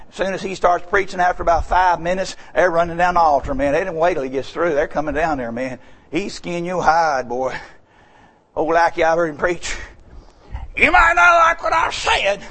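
A man preaching a sermon, telling folksy stories and breaking into shouts to drive points home. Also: fairly high pitch. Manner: folksy storytelling, bursts into shouting for emphasis.

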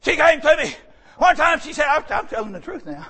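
A man's voice: extremely high pitch, very animated, a little fast. A male pastor, preaching a sermon in an emphatic, folksy way. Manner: emphatic, folksy, bursts into shouting.

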